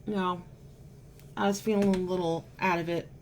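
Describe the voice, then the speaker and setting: A woman's voice: fairly low pitch, steady tone, normal speed, a little hiss or hum. Chatty, sarcastic woman vlogger. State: still feeling unwell. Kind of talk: casual storytelling to camera.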